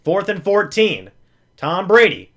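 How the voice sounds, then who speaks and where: A man reacting live to a football game, calling each snap like a fan-announcer. His voice sits high and leaps up and down across a wide range. He takes his time and drawls through the lulls. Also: takes it slowly. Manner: excitable, pleading with the referees.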